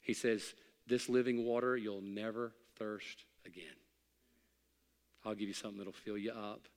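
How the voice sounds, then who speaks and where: A man's voice: lowish voice, fairly even intonation, normal speed. Male pastor, folksy humorous sermon, emphatic build-ups, long church reverb. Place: church sanctuary.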